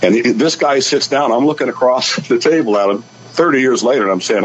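A man's voice: medium pitch, a little fast, a little hiss or hum, low-quality recording. An older man telling folksy, anecdotal stories as a guest on a talk show, acting out the voices of the people in them. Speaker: guest, author and rancher. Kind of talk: storytelling on a radio talk show.

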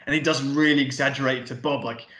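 A man co-hosting a film review podcast, talking casually and excitedly, swearing and acting out scenes. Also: medium pitch, fast, echoey room. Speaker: podcast co-host.

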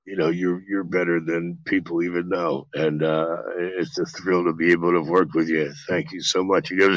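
A middle-aged man, an actor being interviewed, telling stories in a casual, animated and profane way, acting out quotes. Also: low voice, unhurried, pauses often, poor audio. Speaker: actor guest.

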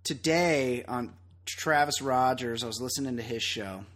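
A man co-hosting a podcast in casual banter, loud, opinionated and profane, often laughing. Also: mid-range voice, unhurried. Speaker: podcast co-host.

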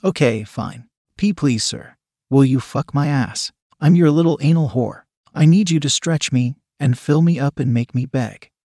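A man's voice: mid-range voice, moderate pace, mellow, no echo, clean studio sound, close to an everyday voice. A man voicing a shy young woman who whines and begs. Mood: pleading. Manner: whiny, begging.

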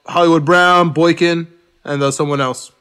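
High bright-voiced young man rambling. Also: fairly even intonation, moderate pace, smooth. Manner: loose and rambling, laughs often, many fillers. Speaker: podcast co-host. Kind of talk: casual sports chat.

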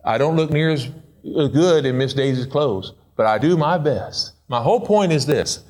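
A male pastor preaching a casual, playful sermon, swinging between excited high asides and low quiet remarks. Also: normal speed.

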